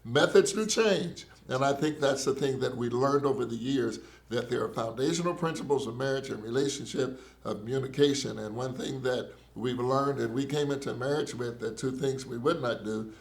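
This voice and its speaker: A man's voice: mid-range voice, normal speed, vocal fry, hardly any pauses. A middle-aged man, a bishop, chatting with his wife and slipping into preachy asides with a teasing edge. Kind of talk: casual chat.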